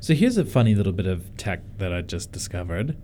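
A man's voice: low voice, big pitch swings, brisk, dark tone, slight background noise. A man with an Australian accent that leans American, chatting casually and asking questions on a podcast. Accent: Australian with an American tinge. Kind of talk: casual chat.

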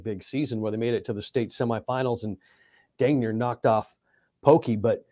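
A man's voice: medium pitch, warm tone, dry recording, studio quality. A middle-aged man, a basketball coach, co-hosting a casual sports podcast with a laid-back, laughing manner.

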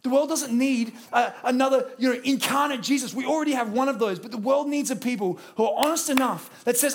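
A man's voice: very high voice, fast talker, few pauses. A man preaching a sermon as pastor, acting out little dialogues as he goes.

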